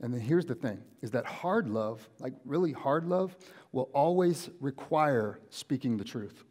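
A young man preaching a casual sermon in a church auditorium, animated and often acting out everyday conversations in different voices. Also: medium pitch, unhurried. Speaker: pastor.

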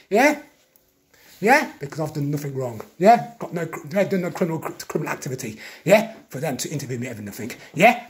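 A man delivers an agitated, accusatory monologue in a fairly high voice that jumps up and down constantly. He piles up names and grievances and tags nearly every phrase with a rising "yeah?". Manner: accusatory, lists names and grievances in rapid repetition. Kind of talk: monologue vlog.

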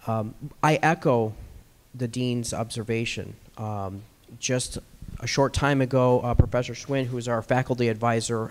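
Young man making a formal announcement. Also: mid-range voice. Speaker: student organizer introducing the speaker. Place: law school lecture room.

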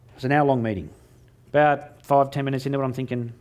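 A man's voice: medium pitch, steady tone, quick pace, darkish tone, clear, resonant tone. A middle-aged Australian man giving a humorous talk on stage, telling a story and acting out the dialogue in a self-mocking way. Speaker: motivational speaker.

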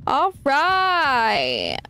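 A woman's voice: high-pitched, huge pitch swings, drawn-out words, sharp tone. Swearing, playful woman streaming a game. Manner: reactive, swears often, playful. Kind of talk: live gameplay commentary.

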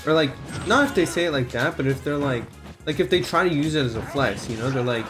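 A young man streams a fighting game, his middle-pitched voice breaking into excitable, slangy outbursts and casual swearing. He rambles loosely between reactions. Game music plays clearly underneath. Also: normal speed. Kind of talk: casual live-stream gameplay chatter.

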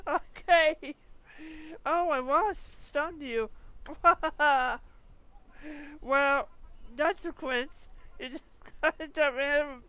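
Woman gamer, high voice, laughs through everything, slow easy delivery. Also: dry recording, lo-fi sound. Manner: giggly, exclamatory, keeps breaking into laughter. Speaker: gameplay vlogger. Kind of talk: casual let's-play commentary.

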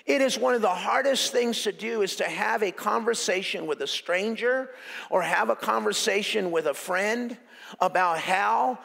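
A male pastor preaching an animated sermon, cracking jokes and hammering phrases by repetition. His voice sits high for a man and carries a gravelly rasp. It rings out with long reverb in an echoey church hall. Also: moderate pace.

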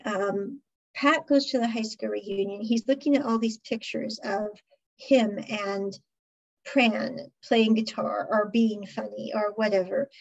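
A woman podcast host, chatty and animated, recapping a television drama in a casual way. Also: fairly high pitch, husky. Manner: chatty, animated retelling with laughs. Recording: dull lo-fi recording.

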